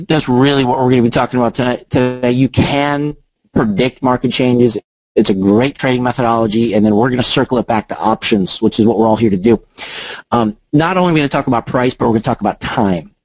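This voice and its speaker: A man's voice: medium pitch, no echo, low-quality recording. A man presenting a casual live trading webinar from his home office. He talks informally, with lots of fillers and restarts.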